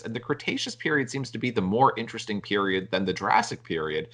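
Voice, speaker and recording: Male podcast host, lowish bright voice, rambling casual delivery. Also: lively intonation, quick pace. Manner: rambling, many fillers and restarts. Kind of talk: casual chat.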